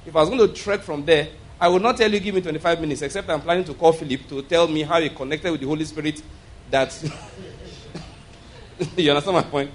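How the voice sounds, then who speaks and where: A man preaching a sermon, pausing to check that listeners follow and slowing down to stress key points. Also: a little high, slight background noise. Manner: emphatic teaching, frequent "you understand?" and "all right?" checks; slows and gets louder for emphasis.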